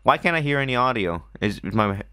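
A man giving excitable let's-play commentary, talking to himself and shouting at the game. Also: medium pitch, a little fast, clear, resonant tone. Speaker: gamer.

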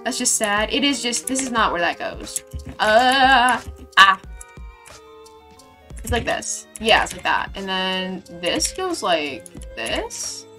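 A woman's voice: medium pitch, very animated, takes it slowly, sharp tone, faint music behind. A young woman live streamer chatting casually while building in a game, bubbly and playful, gushing thanks to her viewers.

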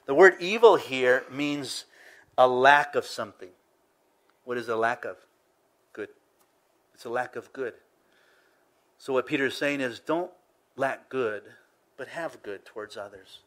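A middle-aged man preaching a verse-by-verse sermon in a conversational way, acting out little scenes and dropping from emphatic to hushed. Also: mid-range voice, expressive, a little slow, long pauses. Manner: conversational, acts out little scenes in varied voices, swings from loud to hushed. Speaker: pastor. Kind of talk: expository sermon.

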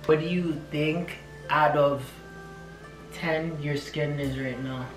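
A man's voice: fairly high pitch, steady tone, slow. Curious young man in an echoey room. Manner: curious, asks lots of questions. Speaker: vlog co-host receiving a facial. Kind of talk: casual chat. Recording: echoey room, faint music.

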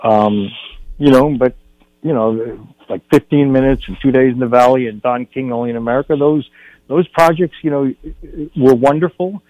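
Older man, film director guest, radio interview, animated storyteller, dry dull studio audio. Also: mid-range voice, normal speed, no echo. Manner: animated anecdote teller, acts out quotes.

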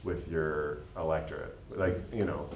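A man's voice: extremely low pitch, fairly even intonation, measured pace, a little mellow. A man, a state legislator answering at a panel in an earnest, rambling way, full of fillers. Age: late 20s. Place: public panel event room. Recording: echoey room, faint background noise.

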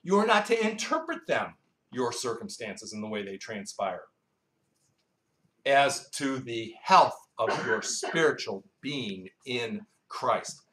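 A man's voice: medium pitch, big pitch swings, takes it slowly, a bit bright. Man preaching in an echoey room. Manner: quizzes the congregation, asks and answers its own questions; conversational, with asides and storytelling. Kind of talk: Bible-teaching sermon. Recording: roomy echo.

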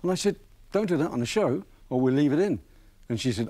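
A man's voice: on the high side, expressive, quick pace, warm tone. A man, a TV talent show presenter, telling a fond anecdote in a spoken tribute and acting out quoted dialogue.

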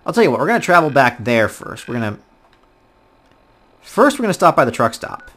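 A man giving casual let's-play commentary, excitable, swinging from mumbling to loud outbursts. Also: medium pitch, a little fast. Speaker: gaming YouTuber.

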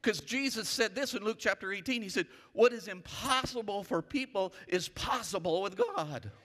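A pastor preaches an emphatic sermon in a church sanctuary, his high, bright voice animated and at a moderate pace as he leads call-and-response. The long reverb of the church hall echoes throughout.

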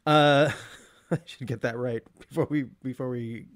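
A man's voice: mid-range voice, a little slow. A man co-hosting a podcast, talking casually about a film with enthusiasm and frequent laughter. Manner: enthusiastic, laughs often, animated mimicry. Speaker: podcast co-host.

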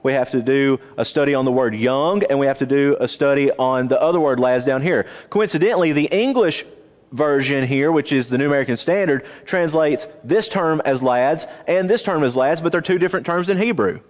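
A man teaching a Bible class in a church auditorium, lively and questioning his listeners. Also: mid-range voice, a little fast. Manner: animated, asks the class questions. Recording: long reverb of a church auditorium.

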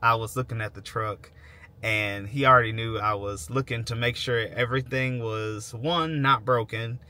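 A man talks casually to his camera, circling back and correcting himself as he explains. His voice has a bright, forward ring at a middling pitch. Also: steady tone, normal speed. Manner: rambling, self-correcting explanations. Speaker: vlog host. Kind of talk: casual talking-to-camera vlog.

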